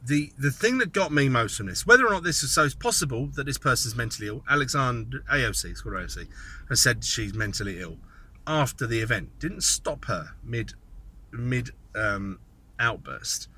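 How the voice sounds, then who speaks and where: A man's voice: medium pitch, expressive, normal speed, bright, forceful tone, husky. A man giving a rambling, sardonic commentary monologue, thinking aloud as he goes. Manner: sardonic, mocking asides. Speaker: political commentator.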